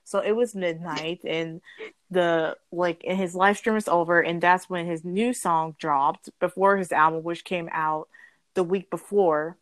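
A young woman with a fairly low voice tells a casual story in a bubbly, rambling way. She corrects herself often and breaks into giggles. The sound is close and dry. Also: fairly even intonation, unhurried, no room sound. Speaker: guest storyteller.

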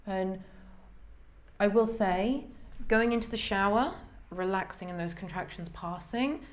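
A woman, a podcast guest telling a personal story in an animated way, acting out the people she quotes. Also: mid-range voice, measured pace.

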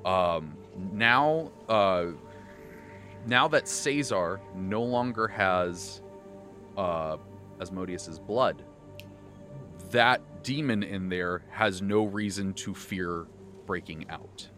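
A man hosting a podcast, recounting his tabletop game session as game master in a loose, animated way, with many restarts and bursts of laughter. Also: low voice, very slow, faint music behind. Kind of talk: casual recap of a tabletop game.

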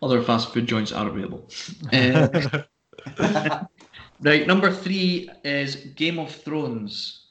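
A man hosting a podcast, swearing freely and telling animated stories in casual banter. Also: medium pitch, slow, pauses often, roomy sound, dull audio. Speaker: podcast host.

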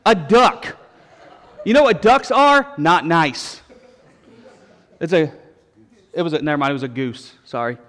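A male pastor preaching a sermon, telling stories with repeated refrains in an animated way. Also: on the high side, a little slow, pauses often. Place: church sanctuary. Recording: long reverb of a church hall.

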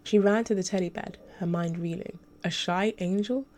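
A woman narrating an audiobook extract in a steady, measured reading style. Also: lowish voice.

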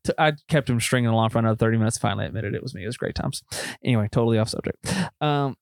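A man's voice: mid-range voice, rapid-fire, vocal fry, no room sound, clean studio sound. A man chatting on a podcast, telling rambling jokey stories. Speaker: podcast co-host. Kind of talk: casual chat.

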